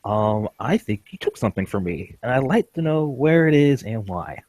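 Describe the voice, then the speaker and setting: A man voicing a calm, courteous but threatening man who speaks softly and evenly. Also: medium pitch. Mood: politely menacing. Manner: soft, measured, courteous. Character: calm, menacingly polite man.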